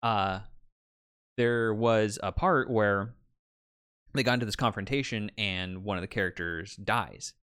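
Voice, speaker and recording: A man's voice: on the low side, a little slow, a bit bright, clear, resonant tone. A man co-hosting a podcast, telling a long story in casual chat with lots of fillers. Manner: rambling storyteller with many fillers. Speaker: podcast co-host.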